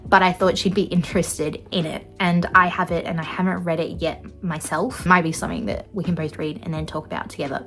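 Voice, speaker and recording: A woman's voice: fairly low pitch, poor audio. A young woman vlogging about bookshops in a chatty, musing way, laughing now and then. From Australia. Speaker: book vlogger. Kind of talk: casual vlog narration. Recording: faint music underneath.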